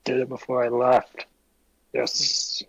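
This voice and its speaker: A man with a middle-pitched voice co-hosts a casual livestream, joking and swearing freely. His voice sounds dry and close, with little room sound. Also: completely flat delivery, slow pace, vocal fry, a bit bright, breathy edge, dry recording, rough recording. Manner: swears freely, laughs while telling stories. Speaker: livestream co-host.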